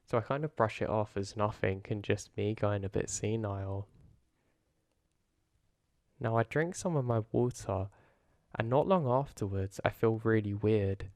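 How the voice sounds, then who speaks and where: A man calmly narrating a first-person horror story in a low-key way. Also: unhurried, pauses often, dry recording, clean studio sound. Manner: calm, low-key retelling.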